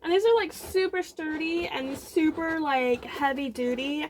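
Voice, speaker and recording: Casting a young woman, high voice, unhurried, excitable rambling crafting chat. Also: a little hiss or hum. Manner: bubbly, rambling, many fillers, excited gushing. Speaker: knitting podcast host. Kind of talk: casual show-and-tell chat.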